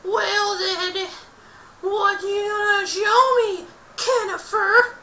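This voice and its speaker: A man's voice: extremely high pitch, level tone, drawn-out words, bright, forceful tone, slight background noise, voice pushed up, exaggerated voice. A man voicing a mean, taunting boy bully who drags out his mocking words. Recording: roomy echo, distant mic.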